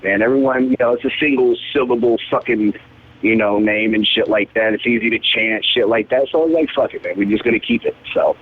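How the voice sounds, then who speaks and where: A man in his twenties, a rapper, telling stories casually in laid-back street slang, peppered with profanity and "man". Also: medium pitch. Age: 20s. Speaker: rapper, interview guest. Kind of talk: casual storytelling. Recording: tinny phone-like line.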